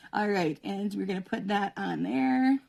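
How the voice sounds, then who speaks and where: Woman, craft demo host, chatty, instructional, gravelly, a bit husky. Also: mid-range voice, moderate pace, a little mellow, dull audio. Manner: chatty, instructional, laughs often. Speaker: papercraft host. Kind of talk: live card-making demo.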